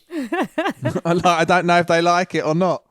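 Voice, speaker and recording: A man in his forties, a guest musician talking frankly and with animated humor in a casual interview from home. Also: sits high, no room sound, clean studio sound. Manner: frank, animated, quick to joke. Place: home, remote call.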